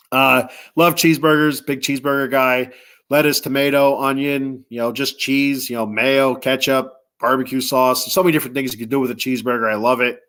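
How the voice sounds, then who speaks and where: A man's voice: medium pitch, a bit bright. Rambling casual man hosting a podcast. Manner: rambling, restarts, chuckles, lists with relish. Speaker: podcast host. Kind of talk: casual solo podcast monologue.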